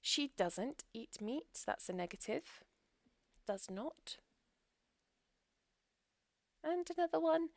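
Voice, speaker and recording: A woman teaching English grammar in a recorded lesson, explaining clearly and steadily with example sentences. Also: high-pitched, sing-song, slow pace, pauses often, no room sound.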